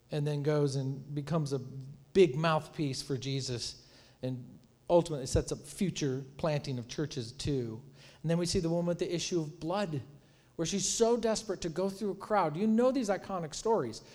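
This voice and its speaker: A man preaching a sermon in a conversational, animated way, retelling stories and acting out quotes. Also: a little high, long reverb tail. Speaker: pastor.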